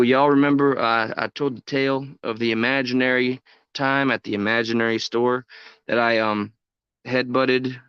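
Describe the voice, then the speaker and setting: A man's voice: medium pitch, clear, resonant tone, no echo. Young male streamer, casual and profane, self-deprecating humor, dry muffled home-mic sound. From United States. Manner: loose, joking, self-mocking, swears freely. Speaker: live streamer. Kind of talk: rambling casual chat on a live stream.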